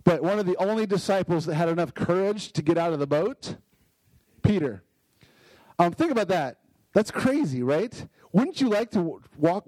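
An enthusiastic man gives a casual Bible lesson in a slightly high voice, tossing in "right?" as he goes. The sound is dry and close, with no room echo at all. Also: a little mellow. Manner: enthusiastic, frequent "right?" tag questions.

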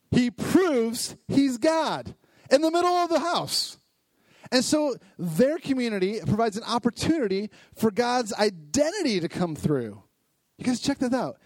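High-voiced energetic youth pastor. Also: male voice, no room sound. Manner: energetic, asks the group lots of questions. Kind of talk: youth Bible lesson.

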